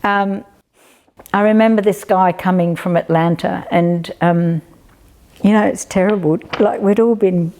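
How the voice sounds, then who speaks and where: A woman's voice: medium pitch, animated, normal speed, warm tone. An older woman, telling a rambling, chatty personal story in a casual spoken way. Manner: rambling, chatty, with frequent fillers.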